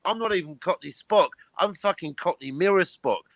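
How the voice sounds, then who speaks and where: A man's voice: sits high, normal speed, no room sound. A man hosting a casual livestream chat, riffing jokes and swearing freely. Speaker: host.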